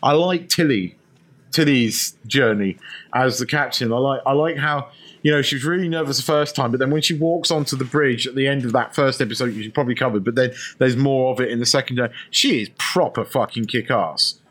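A man's voice: mid-range voice, a little fast, fairly bright tone. A man in casual conversation who comments on a TV show thoughtfully, often repeating words and swearing now and then. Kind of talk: casual TV recap chat.

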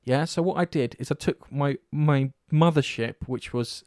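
A man's voice: mid-range voice, normal speed, dry recording, clean studio sound. A man chatting casually about games, rambling and swearing freely as he tells stories. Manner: rambling, swears often, animated storytelling.

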